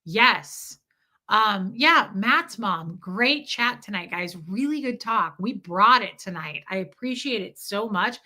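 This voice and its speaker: A woman hosts a casual livestream and talks straight to her viewers. Her voice has a bright, forward edge at a medium pitch. She speaks candidly and emphatically, swears freely, and often restarts or repeats words. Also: animated, slow. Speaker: livestream host reading viewer chat.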